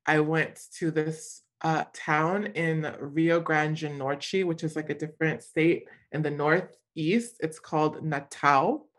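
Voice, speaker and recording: A woman from California tells a story in a loose, chatty way, full of slang and quick laughter. She sits a little low in pitch, and the chat has the easy feel of a friendly talk show. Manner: animated, slangy, laughing often. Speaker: guest.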